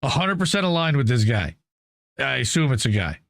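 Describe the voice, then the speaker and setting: A man's voice: medium pitch, big pitch swings, fairly quick, gravelly, fairly bright tone, no echo, clean studio sound. A man hosting a talk show, reading an article aloud and commenting in a casual, profane way. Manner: profane, conversational, reads aloud then comments. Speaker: news show host.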